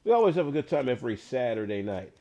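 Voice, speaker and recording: A man's voice: mid-range voice, big pitch swings, fast talker, dark tone, muffled recording. Enthusiastic man hosting an online hockey show. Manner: enthusiastic, hesitant with fillers and repeats.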